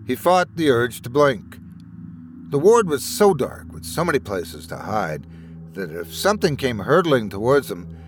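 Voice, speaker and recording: Male horror narrator, very animated pitch, steady music bed. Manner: dramatic, animated storytelling. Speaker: podcast host and narrator.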